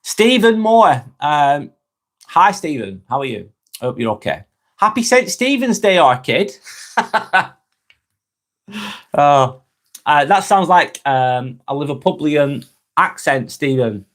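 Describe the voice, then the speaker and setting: Slow and pausing often, a fairly high-pitched man with a Northern English accent from Lancashire, Northwest England, reads viewers' comments aloud on a relaxed live stream and chats back. He frequently stumbles over his words and lets phrases fade quietly away.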